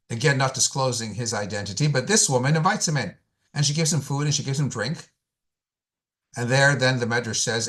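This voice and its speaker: A man preaching as a rabbi, at a middle pitch. He carries his sermon through stories and leans on repeated phrases and well-placed pauses for weight. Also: fairly bright tone. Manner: storytelling with emphatic repetition and deliberate pauses.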